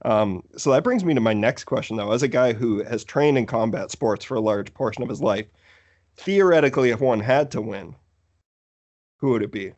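A man's voice: mid-range voice, moderate pace, darkish tone, muffled recording. A man hosting a casual podcast chat, joking, laughing easily and swearing. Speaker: podcast host.

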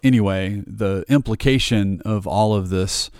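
Man, forties, low voice, wry and reflective, podcast co-host, dry close sound. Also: measured pace, darkish tone, no room sound. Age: 40s. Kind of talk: casual podcast chat.

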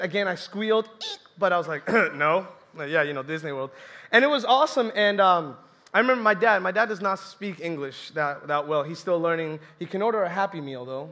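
Bright, high-voiced young man preaching. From Colombia. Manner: animated, chatty, full of acted-out quotes. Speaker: church speaker. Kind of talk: humorous sermon storytelling.

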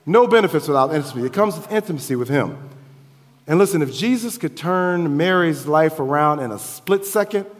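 A man's voice: mid-range voice, big-room sound. A man preacher delivering a sermon, exhorting the congregation with call-and-response asides.

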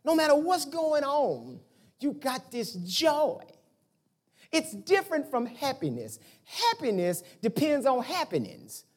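High-voiced animated male preacher. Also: takes it slowly. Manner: animated, colloquial, bursts into shouts. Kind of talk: sermon.

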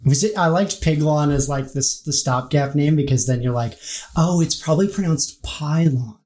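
A man's voice: fairly high pitch, moderate pace, darkish tone. A man playing a tabletop role-playing game, chatting in a playful, talkative way. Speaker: player. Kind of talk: casual chat while playing a tabletop game.

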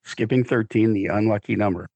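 A man co-hosting a podcast, reacting with quick, joking interjections in casual chat. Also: lowish voice, fairly even intonation, a little mellow, dry recording. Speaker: podcast co-host.

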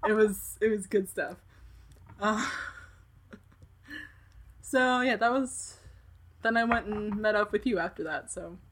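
A woman's voice: mid-range voice, slow, long pauses, a little hiss or hum. A woman casually telling a long story, rambling with lots of fillers and frequent giggles.

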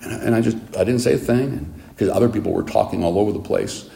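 Speaking fast with some vocal fry, this preacher has a lowish, mellow, easygoing voice. He tells his sermon like an animated story, and a roomy echo surrounds him.

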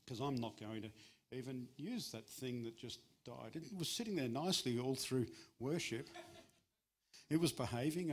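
A middle-aged man preaching as a guest speaker at a church, in a conversational, humorous way, with sudden rises in pitch for emphasis. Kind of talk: sermon.

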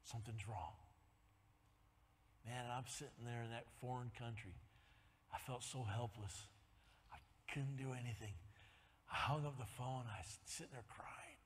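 A man in his sixties preaching a sermon, telling a story with animated swings and rising to shouts of praise. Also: medium pitch, slight background noise. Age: 60s. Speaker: pastor. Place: church sanctuary. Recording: long hall reverb.

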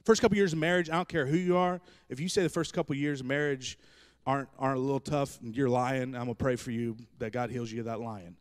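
A pastor in his thirties delivers a humorous sermon, joking at his own expense with stories about his marriage. He talks fast in a mid-range voice with a steady tone.

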